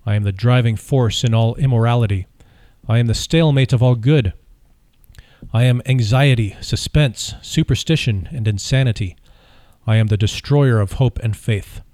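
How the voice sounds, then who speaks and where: The Devil, a sinister male spirit, boasts of his powers in one steady declarative list after another, as a man reads him aloud. His voice sits in a middle pitch and sounds dry and close, with no room around it. The delivery is plain rather than theatrical, measured and self-assured. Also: no echo, close to an everyday voice. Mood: boastful. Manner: declarative, self-proclaiming lists.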